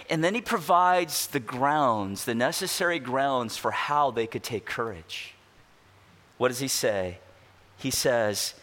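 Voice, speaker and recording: A pastor delivering an expository sermon, asking rhetorical questions and slowing down to stress key words. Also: male voice, mid-range voice, lively intonation, a bit bright. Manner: emphatic, rhetorical questions, slows down for weight.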